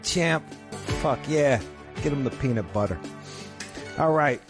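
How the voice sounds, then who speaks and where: A fairly high-pitched man hosts a radio show over music, speaking at a measured pace with long pauses. The banter is crude and comedic, loud, profane, and full of laughter.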